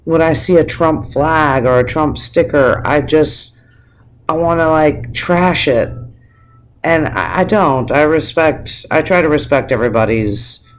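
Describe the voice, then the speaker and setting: A man's voice: a little high, a little slow, slight background noise. Emotional man ranting to camera. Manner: emotional, swears freely, frequent restarts. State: teary, on the verge of crying. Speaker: vlogger. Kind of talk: casual opinion rant to camera.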